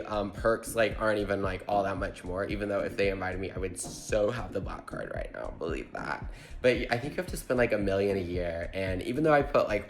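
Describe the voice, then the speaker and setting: A young man telling gossipy stories in a casual, chatty way, full of filler words. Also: on the low side. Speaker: vlogger. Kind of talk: casual storytelling. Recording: echoey room, faint music.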